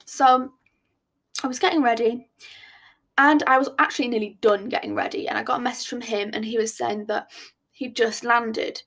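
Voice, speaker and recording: Woman podcast host, casual storyteller, slightly high voice, self-mocking. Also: steady tone, normal speed, a bit bright.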